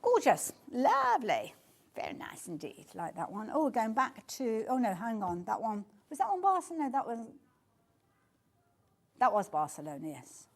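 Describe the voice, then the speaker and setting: A woman's voice: a little high, wildly swooping pitch, moderate pace, creaky. A woman presenting fabrics on a live TV sales show, chatty and gushing, praising each design. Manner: gushing, chatty, keeps saying beautiful. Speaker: shopping channel presenter. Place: TV studio.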